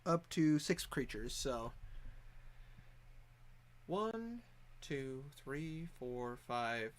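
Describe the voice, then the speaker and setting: A man's voice: mid-range voice, expressive, very slow. A man running a tabletop game as game master over voice chat, rambling with many fillers and restarts. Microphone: online voice chat.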